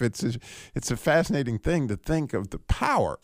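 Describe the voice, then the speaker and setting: Animated man hosting a Bible call-in show. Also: mid-range voice, normal speed, no room sound, clean studio sound. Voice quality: animated, laughing, frequent restarts. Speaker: radio call-in show host. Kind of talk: casual Bible teaching on talk radio.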